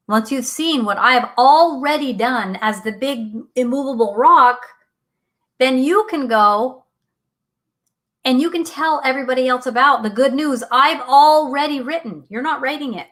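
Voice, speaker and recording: A middle-aged woman hosts a faith-themed radio talk show in a high, slightly bright, unhurried voice. Earnest and animated, she laughs often while reading listener comments aloud.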